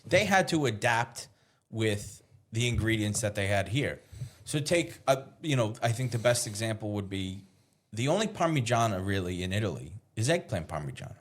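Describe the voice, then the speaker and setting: A man with a fairly low voice talks in a relaxed interview. He is a chef and explains his points patiently. He thinks aloud and restarts his phrases now and then. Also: moderate pace. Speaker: chef guest. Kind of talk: casual interview chat.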